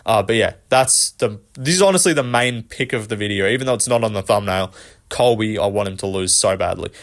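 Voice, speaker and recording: A man's voice: lowish voice, fairly quick, vocal fry. A young man hosting a commentary vlog, ranting with frequent swearing and exasperation. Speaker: MMA commentary channel host.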